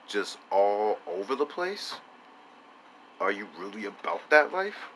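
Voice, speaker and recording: A let's play commentator with a lowish voice and big pitch swings rambles at a measured pace through absurd stream-of-consciousness musings, full of rhetorical questions and sometimes dropping to a whisper. The low-quality recording has slight hiss or hum, with loud music beneath his voice.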